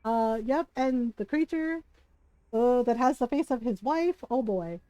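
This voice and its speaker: A woman streaming a game, chatting casually and telling stories in an animated, laughing way. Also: on the high side, a little slow, no echo, rough recording. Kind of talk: casual gameplay commentary and storytelling.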